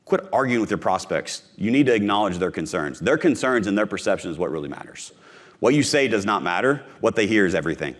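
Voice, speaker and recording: A man with a lowish voice delivers a live conference speech on sales. He talks in short, punchy lines, hammers his key phrases again and again, and addresses the crowd directly. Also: expressive, a little fast. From Missouri, USA. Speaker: podcast host giving a sales talk.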